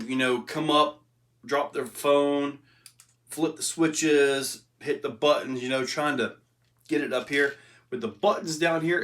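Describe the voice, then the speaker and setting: A middle-aged man casually commenting while driving an RC crawler outdoors, chatty and easily excited, laughing often. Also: medium pitch, dry recording. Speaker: RC hobby reviewer. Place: outdoors on a rock trail. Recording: distant mic, faint outdoor noise.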